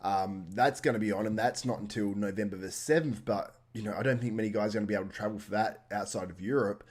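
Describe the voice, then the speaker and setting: Male host, quick and chatty, lower voice, casual banter. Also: darkish tone. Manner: chatty, laughs often. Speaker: podcast host. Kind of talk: casual chat.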